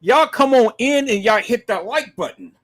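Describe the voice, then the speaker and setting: A man hosting a live stream, giving emphatic commentary to his viewers, dropping to low murmurs and rising to shouted outbursts. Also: animated, moderate pace. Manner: emphatic, repeatedly addresses viewers as "peoples".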